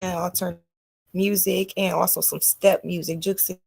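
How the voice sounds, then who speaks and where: A woman hosting a podcast, delivering a loud, animated comedic monologue to her listeners. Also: lowish voice, normal speed, creaky, breathy edge. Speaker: podcast host.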